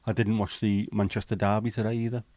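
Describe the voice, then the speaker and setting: A fast-talking middle-aged man hosts a casual livestream chat, reading viewer comments and bluntly responding, cursing freely. His voice sits on the low side, a little mellow and level in tone, with no room sound.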